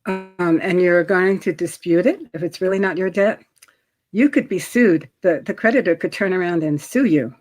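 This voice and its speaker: New York woman, unhurried and lower-pitched. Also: faint music behind. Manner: relaxed, many ums and restarts, clears throat often. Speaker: guest, credit specialist. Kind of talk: casual interview chat.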